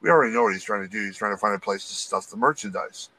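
A man's voice: lowish voice, racing, slight background noise, low-quality recording. A man telling a work story on a podcast in a casual, profane way, acting out the people he quotes. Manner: profane, animated, acts out quotes. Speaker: podcast co-host, retail loss prevention worker.

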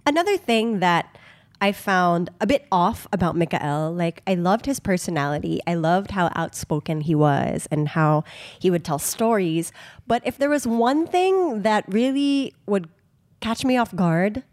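A woman's voice: on the low side, a little slow. A young woman with a Filipino accent, co-hosting a casual couple chat and telling stories with lots of laughter, switching between English and Tagalog. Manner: giggly, animated storyteller. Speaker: podcast co-host.

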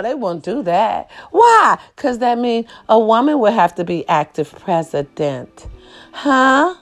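A woman ranting to camera, blunt and profane, firing rhetorical questions and swinging between shouting and low muttered asides. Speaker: social media commentator. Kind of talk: impassioned rant to camera.

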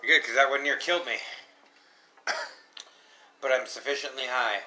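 A man's voice: medium pitch, fairly even intonation, moderate pace. A man trading sarcastic, profane banter in casual podcast chat. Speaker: podcast co-host. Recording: echoey room with background noise.

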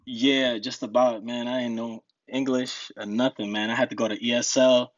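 A man's voice: medium pitch, level tone, normal speed, no room sound, muffled recording. A young man from New Jersey, a podcast guest telling stories in a laid-back way, laughing often. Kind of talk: casual storytelling.

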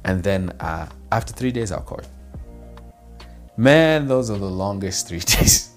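Earnest low-voiced man telling a story. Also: animated, soft background music. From Zambia. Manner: earnest, halting storyteller who acts out quoted voices. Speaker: guest sharing a personal testimony. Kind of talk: personal storytelling.

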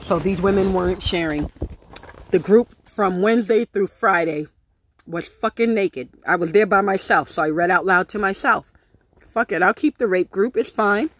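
A woman hosting a podcast, telling a story in a blunt, profane, animated way with acted-out quotes. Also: medium pitch, normal speed, a little hiss or hum. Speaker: podcast host. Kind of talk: casual storytelling monologue.

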